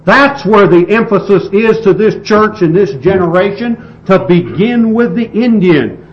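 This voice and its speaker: A man preaching a sermon, reading scripture and expounding it with slow, emphatic delivery and some restarts. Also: high-pitched, expressive. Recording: dull lo-fi recording with faint hiss.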